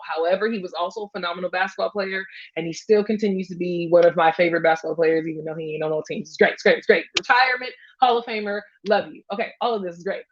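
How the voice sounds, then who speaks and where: A woman hosting a casual sports talk, reacting to game footage with laughter and acting out players' lines. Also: medium pitch. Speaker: host. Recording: dull lo-fi sound.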